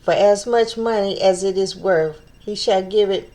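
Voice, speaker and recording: Woman, mid-pitched, leads a casual Bible study; reads scripture, stumbles on names, thinks aloud. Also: fairly even intonation, measured pace, mellow. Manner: thinks aloud, stumbles over names, repeats phrases while working things out.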